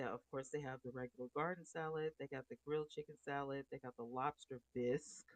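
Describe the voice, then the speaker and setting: A woman's voice: a bass voice, darkish tone, dry recording, low-quality recording. A middle-aged woman hosting a casual livestream, chatting and greeting viewers by name. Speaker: livestream host.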